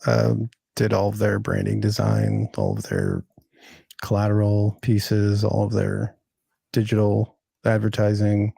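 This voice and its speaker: Gravelly, husky man in casual chat. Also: lowish voice, measured pace, no echo. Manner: relaxed, hesitant with many ums. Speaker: guest chatting on the stream.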